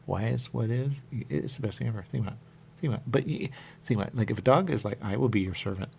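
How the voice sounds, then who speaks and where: A man's voice: medium pitch, fast, creaky, darkish tone, a little hiss or hum. A man hosting a radio show, rambling comically and repeating himself, often breaking into silly voices.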